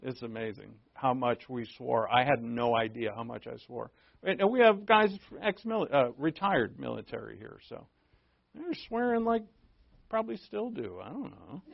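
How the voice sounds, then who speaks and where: Animated New pastor, lo-fi sermon. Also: male voice, vocal fry. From New England. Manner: animated and joking, with big pitch swings. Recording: dull lo-fi sermon recording.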